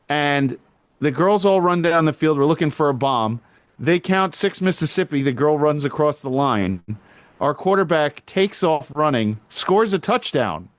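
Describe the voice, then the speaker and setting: A man co-hosting a podcast in casual chat, telling stories in an animated way and swearing freely. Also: on the high side, no echo. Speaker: podcast co-host.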